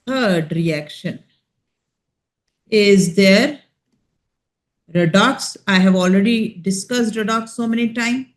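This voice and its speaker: A woman with an Indian English accent giving a chemistry lecture, explaining slowly and checking in with her students. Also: medium pitch. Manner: slow, emphatic explaining with frequent check-ins. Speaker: chemistry teacher. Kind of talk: classroom lecture.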